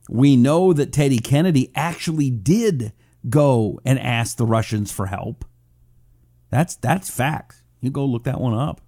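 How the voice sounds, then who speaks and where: A man hosts a political talk radio show, rambling casually, poking fun at himself and reading listener comments aloud. His voice is medium in pitch, dark in tone, with vocal fry.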